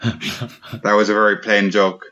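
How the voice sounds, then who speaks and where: A man's voice: lowish voice, little pitch movement, slow, bright, forceful tone. A man co-hosting a podcast, chatting casually and joking with friends. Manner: joking, laughs a lot. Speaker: podcast co-host. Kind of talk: casual chat. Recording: dull lo-fi sound.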